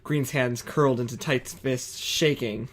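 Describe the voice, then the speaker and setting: A man's voice: medium pitch, steady tone, a little slow, a crowd in the background. A man reading fan fiction aloud with a playful, joking manner.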